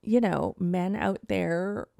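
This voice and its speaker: A comedian and podcast host in her thirties telling a story as an indignant rant, swearing freely and getting animated. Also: on the low side, takes it slowly, creaky, dry recording, studio quality.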